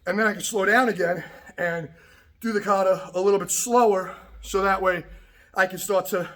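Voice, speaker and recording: A karate instructor talks straight to the camera after a workout, his fairly high voice still carrying a little breathlessness. He coaches in a loose, easygoing way and keeps checking in with his viewers. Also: moderate pace. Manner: relaxed, repetitive coaching with frequent okay and right. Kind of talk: casual instructional talk to camera. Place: martial arts practice space, indoors.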